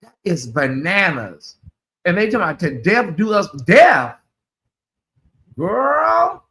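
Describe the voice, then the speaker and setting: Sassy male host chatting on a livestream with a high, crisp, bright voice. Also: big pitch swings, moderate pace. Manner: sassy, chatty, calls listeners honey and y'all. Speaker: channel host. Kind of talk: casual livestream chat.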